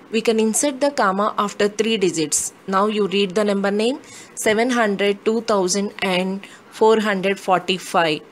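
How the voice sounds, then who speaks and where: Female math teacher, measured classroom delivery, faint hiss behind. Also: medium pitch, rough recording. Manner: slow, deliberate reading of numbers. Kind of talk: classroom lesson.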